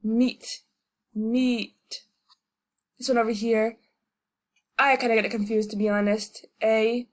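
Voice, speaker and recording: A woman's voice: fairly high pitch, steady tone. Chatty woman sounding out vowels. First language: English. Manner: hesitant, many ums, sounds out vowels slowly. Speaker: language tutorial host. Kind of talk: casual video lesson.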